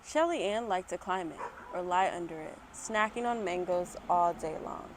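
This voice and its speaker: A woman's voice: lowish voice, moderate pace, background noise. A mother reading a picture book aloud at home on an external mic, with chatty asides and laughing at herself. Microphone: external microphone. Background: dogs barking.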